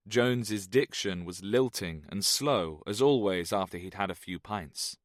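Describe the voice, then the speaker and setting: Casting: male audiobook narrator, steady thriller reading, dry close recording. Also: deep voice, a little slow, hardly any pauses, dry recording. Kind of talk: scripted narration.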